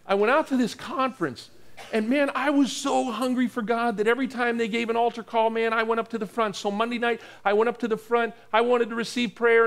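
A man from the US East Coast preaching a sermon, telling a story in an animated way and acting out the dialogue in it. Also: sits high. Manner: animated storyteller, acts out dialogue, repeats words. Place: church hall with live audience.

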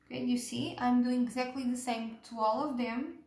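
A woman teaching a cake decorating tutorial step by step, gentle and unhurried, pausing with fillers and checking in with "okay?". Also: on the high side, steady tone. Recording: echoey room.

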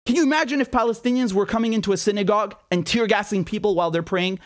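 A man's voice: high-pitched, rapid-fire. A man giving an angry political monologue, indignant and heated, firing rhetorical questions and repeating himself. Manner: swears and repeats words when worked up. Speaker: political commentator.

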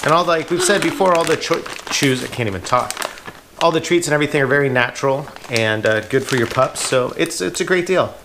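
A woman's voice: low voice, fairly quick. A woman co-hosting a casual unboxing video, reading treat labels aloud and cooing at her dogs. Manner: reads product labels aloud, coos at dogs. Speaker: channel co-host. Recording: loud yard-work noise outdoors.

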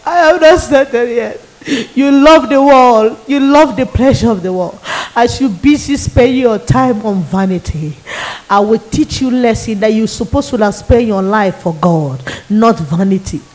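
A woman's voice: fairly high pitch, measured pace, a little mellow, pitched below the performer's own voice, natural voice, low-quality recording. A woman voicing a cruel male demon who torments sinners in hell, with a commanding, mocking tone. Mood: menacing.

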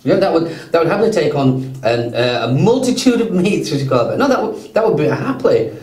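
A man's voice: a little high, big pitch swings, quick pace, darkish tone. Hesitant Yorkshire man in a roomy space. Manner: hesitant, restarts, laughs easily. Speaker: wine presenter. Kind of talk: casual wine-tasting chat. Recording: roomy sound, mic at a distance.

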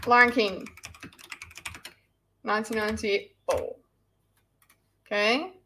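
A woman's voice: mid-range voice, steady tone, takes it slowly, bright, forceful tone, slight background noise. A woman chatting casually on a livestream, rambling and restarting her sentences as she answers viewers.

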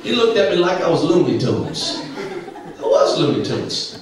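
Male evangelist, high voice, comic sermon storytelling with acted voices; distant mic in a boomy church. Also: sing-song, normal speed, a crowd in the background. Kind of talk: humorous preaching testimony. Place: church sanctuary. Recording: very echoey church from far off.

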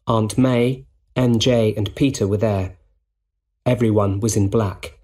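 Slow, low-voiced male story narrator. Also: steady tone, warm tone. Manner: slow, plain, clearly spoken.

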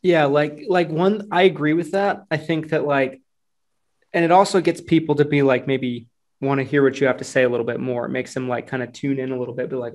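A man hosting a podcast, talking casually about phone sales in a relaxed, loose way with lots of fillers. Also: mid-range voice, a little fast. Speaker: podcast host and insurance sales agent.

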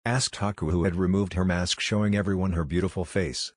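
A man reading a fan fiction story as scripted narration, in a steady, even way. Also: low-pitched, brisk, no echo, studio quality.

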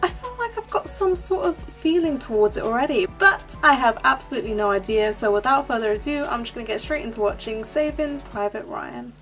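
A woman's voice: on the high side, expressive, fairly quick, few pauses, a bit bright, soft background music, poor audio. A woman, hosting a movie reaction in a chatty, emotional way, often near tears. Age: 20s. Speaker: YouTube reaction host. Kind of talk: casual chat and movie reaction.

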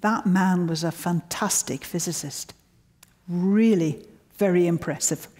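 A woman's voice: fairly low pitch, a little slow. Older woman telling wry lecture anecdotes. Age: 70s. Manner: wry, storytelling, animated quotes. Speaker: guest lecturer.

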